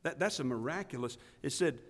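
A man's voice: medium pitch, animated, fairly quick, long reverb tail. A man preaching a sermon in a church, in a folksy, conversational way full of restarts and asides to the congregation. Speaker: pastor. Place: church sanctuary.

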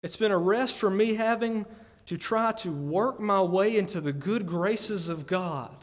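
A man's voice: high-pitched, measured pace. A man preaching a sermon, earnest and conversational, often checking in with his listeners with "right?". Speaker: pastor. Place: church sanctuary. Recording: long church reverb.

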